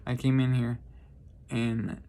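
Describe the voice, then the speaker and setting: A man's voice: mid-range voice, completely flat delivery, takes it slowly, dark tone, clean tone. A man vlogging, telling casual stories in a rambling, lighthearted way and often correcting himself. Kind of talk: casual storytelling monologue.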